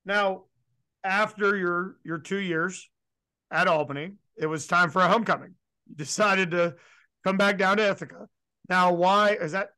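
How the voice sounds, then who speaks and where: A man's voice: sits high, fairly even intonation, moderate pace, pushed and bright, smooth. A man hosting a podcast interview, chatty and asking long winding questions. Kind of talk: casual interview.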